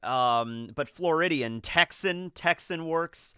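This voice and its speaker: A man's voice: a little high, takes it slowly, hardly any pauses, bright, forceful tone, clean tone, no echo, studio quality. A young American man casually chatting on a livestream, rambling and joking as he reads viewer messages. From United States. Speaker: livestream host reading chat.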